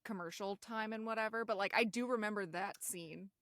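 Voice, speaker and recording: A woman's voice: medium pitch, fairly quick, fairly bright tone, dry recording, studio quality. A woman co-hosting a casual podcast chat, chatty and sharing trivia. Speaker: podcast co-host.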